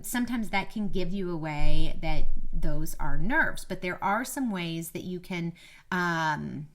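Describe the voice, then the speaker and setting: A woman in her thirties from Kentucky with a mild Southern accent, a media coach giving casual, chatty, self-deprecating tips to camera. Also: lowish voice. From Kentucky, USA. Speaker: media coach, former TV reporter.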